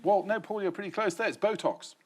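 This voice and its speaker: A man's voice: sits high, fast talker, heavy background noise. A man hosting a comedy news quiz in a television studio, reading out questions and landing dry, wry punchlines. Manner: dry, wry delivery of set-up jokes. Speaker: quiz show host.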